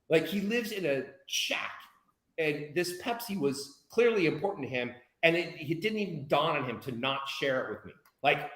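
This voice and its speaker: An American man tells a personal story in a lively, candid way, with an occasional swear word. His voice sits a touch high. The sound is echoey, as if recorded in a bare room. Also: fairly quick. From United States. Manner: animated, candid, swears casually. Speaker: guest speaker. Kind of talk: casual storytelling.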